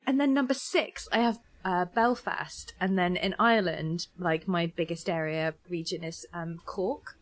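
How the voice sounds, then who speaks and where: Young woman, casual chat, lots of fillers, low-pitched. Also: measured pace, few pauses. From United Kingdom. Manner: chatty, many fillers and restarts.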